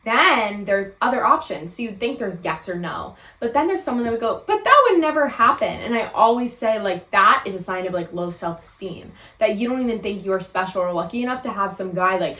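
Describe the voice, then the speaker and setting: A woman's voice: mid-range voice, fairly bright tone. A woman in her twenties hosting a casual advice podcast, chatty and opinionated with lots of fillers. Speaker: podcast host. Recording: roomy echo.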